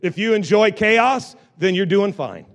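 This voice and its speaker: A male pastor preaching a lively sermon to a live congregation, repeating phrases and joking with the people in the pews. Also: sits high, measured pace, vocal fry. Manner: animated preaching with repetitions and asides to the congregation.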